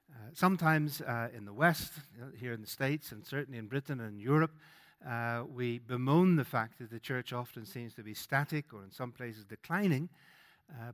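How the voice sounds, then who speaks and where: A man's voice: mid-range voice, a bit bright. A man with a Northern Irish accent, giving a sermon as a guest preacher in a conversational way, with frequent fillers and restarts. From Northern Ireland.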